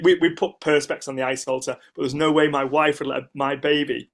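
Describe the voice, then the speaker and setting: A man's voice: a little high, flat delivery, fast, hardly any pauses, a bit bright. A middle-aged man, a guest ice sculptor telling stories in a casual interview, rambling with restarts and acting out quotes. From United Kingdom.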